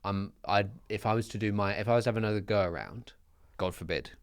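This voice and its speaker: A man hosting a comedy podcast, cracking jokes and riffing in casual comedic chat, laughing a lot. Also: on the low side. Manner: jokey, quick with riffs and interjections, laughs a lot.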